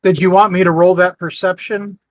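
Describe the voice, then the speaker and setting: Playful higher-voiced man player, dry sound. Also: flat delivery, fairly quick, dry recording. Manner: playful, teasing. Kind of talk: tabletop game chat.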